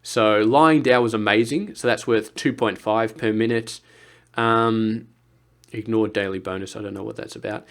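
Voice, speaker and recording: A young man speaks in a loose, earnest vlog manner. He circles his points with restarts and drops into low asides. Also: steady tone, moderate pace. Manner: rambling, earnest, with frequent restarts and quiet asides. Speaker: vlogger. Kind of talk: casual personal vlog talk.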